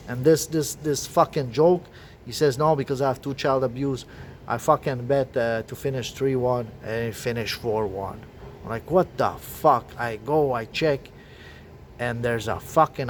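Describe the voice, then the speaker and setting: Agitated swearing man, faint noise behind. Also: medium pitch. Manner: agitated, swearing, restarts and fillers. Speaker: video blogger. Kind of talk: rambling conspiracy monologue.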